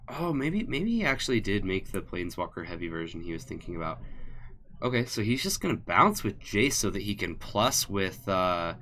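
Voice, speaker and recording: A man giving relaxed, low-key commentary on a card game stream. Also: moderate pace, a little hiss or hum.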